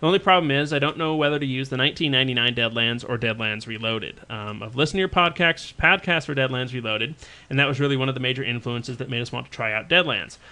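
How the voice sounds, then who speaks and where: A man co-hosts a laid-back podcast conversation about tabletop games, rambling with plenty of fillers and restarts. His medium-pitched voice is bright and forceful, and he talks fast.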